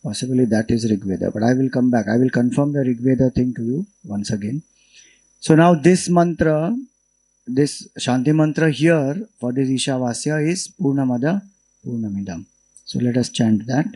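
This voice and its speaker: Mellow-voiced Indian man teaching scripture. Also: mid-range voice, breathy edge, poor audio. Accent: Indian English. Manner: unhurried explanatory teaching, slow drawn-out chanting. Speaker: spiritual teacher. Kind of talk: scriptural lecture with Vedic chanting.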